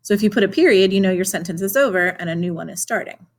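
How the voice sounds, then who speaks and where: A woman's voice: medium pitch, quick pace. Encouraging woman teacher giving a lesson. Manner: clear, encouraging classroom delivery with questions to students. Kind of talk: remote video lesson for children.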